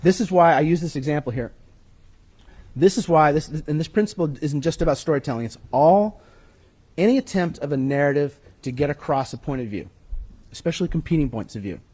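A man's voice: on the high side, a little fast, a little mellow, breathy edge. A man giving a conversational, emphatic writing-workshop lecture to an audience in a room, sometimes stepping away from the mic. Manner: conversational teaching, emphatic, with handout references. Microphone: moves away from the mic at times.

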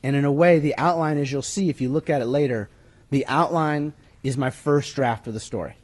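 A man teaches a writing workshop to an audience in a room, speaking fairly quickly in a mid-range, darkish voice. His style is conversational and emphatic with references to handouts, and he sometimes moves off the mic.

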